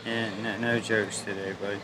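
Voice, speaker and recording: A man's voice: on the low side, level tone, moderate pace, background noise. A man tossing in joking, bawdy asides from the background in casual chat.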